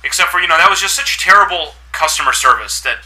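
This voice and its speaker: A man vents about a bad experience in a loose, conversational rant. His voice sits a little high and sounds very bright and forceful. He is sarcastic and irritated, and he swears freely. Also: animated, fast talker. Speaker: vlogger telling a story. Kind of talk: casual storytelling rant.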